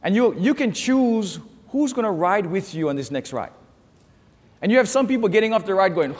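A middle-aged man preaching a sermon, telling stories with lively call-and-response to the congregation. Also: sits high, brisk, in a large hall, a little hiss or hum. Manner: animated, storytelling with call-and-response. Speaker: pastor.

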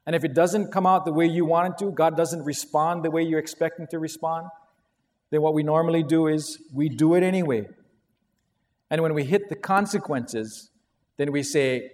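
A man's voice: fairly high pitch, moderate pace, darkish tone. A middle-aged man preaching a sermon as a pastor, telling stories with animation and acting out quotes. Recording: long hall reverb.

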